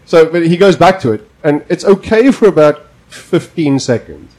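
A young man co-hosting a podcast, telling a story in a casual, animated and profane way. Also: on the high side, normal speed, poor audio. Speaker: podcast co-host.

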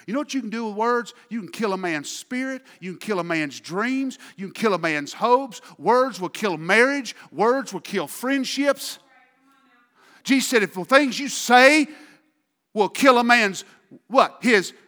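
Male pastor, sermon; bright, lively delivery with shouted peaks. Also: sits high, in a large hall. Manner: preaching with sudden shouted outbursts and quiet asides.

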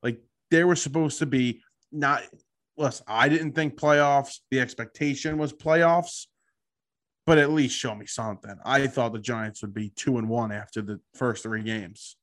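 A man's voice: medium pitch, measured pace, fairly bright tone. A man co-hosting a sports podcast, talking bluntly and laid-back, saying he is tired. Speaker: podcast co-host. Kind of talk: casual sports chat.

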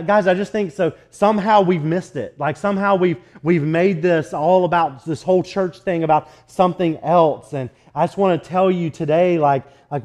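High-voiced, casual young-sounding preacher man. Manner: casual, conversational preaching with frequent "guys" and "like"; builds to loud emphatic exhortations. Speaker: pastor. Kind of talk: sermon.

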